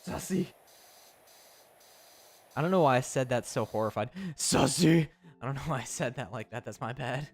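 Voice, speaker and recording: A man's voice: mid-range voice, fast, few pauses. A man streaming a video game, chatting playfully with his chat and laughing often. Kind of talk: casual live-stream chat. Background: faint lo-fi music.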